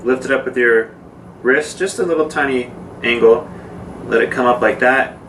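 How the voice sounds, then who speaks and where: A man gives a laid-back drum lesson, explaining strokes in plain, informal words. His voice sits at an ordinary pitch and is picked up from across an echoey room, with noise in the background. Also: normal speed. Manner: relaxed, informal, with fillers and demonstrations. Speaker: drum teacher. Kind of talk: casual instructional talk. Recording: echoey room, mic far off, noisy.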